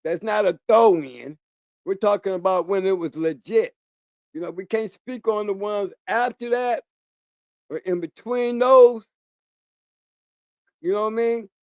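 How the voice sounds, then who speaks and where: A channel host with a notably high voice rambles through a casual monologue, repeating words and restarting sentences to stress his points. He speaks at a measured pace with frequent pauses and a clean tone, recorded dry and close without room echo.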